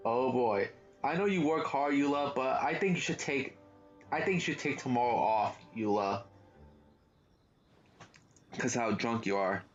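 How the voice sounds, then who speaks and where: A man's voice: medium pitch, lively intonation, a little slow, long pauses, lo-fi sound, faint music behind. Slangy young man commentating a game. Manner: casual slangy banter, laughing at the game. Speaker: gaming channel host. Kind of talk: casual let's-play commentary.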